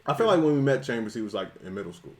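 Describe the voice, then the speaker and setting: A man co-hosting a livestreamed podcast, his pitch jumping around as he jokes. He talks in easy slang and gives shout-outs to the people watching. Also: very animated, rapid-fire. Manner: joking, slangy, shouts out listeners. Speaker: podcast co-host. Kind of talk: casual chat.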